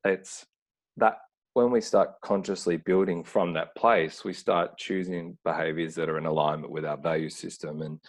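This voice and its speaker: Deep-voiced earnest man on a call. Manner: earnest, searching, frequent "like" fillers. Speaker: podcast guest. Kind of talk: reflective conversational talk. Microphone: remote call.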